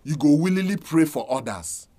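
A man with a Nigerian accent preaching a radio sermon, with emphatic swings in pitch and loudness. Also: expressive, normal speed. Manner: emphatic preaching, sharp rises and drops in pitch and volume.

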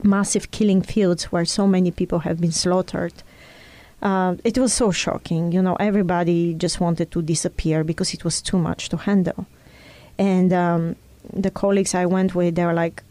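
A woman's voice: on the low side, level tone, moderate pace, dark tone, no echo. A woman in an earnest conversation, explaining ideas in a teaching tone and drawing on personal examples. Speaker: speaker in a conversation.

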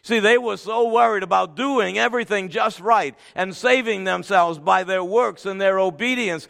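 A man preaching a sermon, reading scripture forcefully and then dropping to soft, tender asides. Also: high-pitched, normal speed, vocal fry, few pauses. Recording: long hall reverb.

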